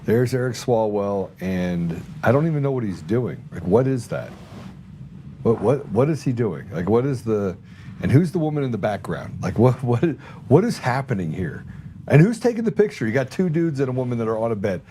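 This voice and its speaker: A man's voice: mid-range voice, sing-song, moderate pace, mellow, a little hiss or hum. A man hosting a political talk show, casual and rambling, often sarcastic, repeating his words as he goes. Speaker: podcast host.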